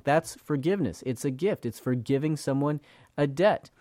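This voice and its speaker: A male Bible teacher talks through scripture in an earnest, conversational way, stumbling over and repeating words as he goes. His voice sits a little high for a man. The recording is close and dry, with no room sound. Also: normal speed, warm tone, dry recording. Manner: earnest, repeats words, acts out quoted speakers.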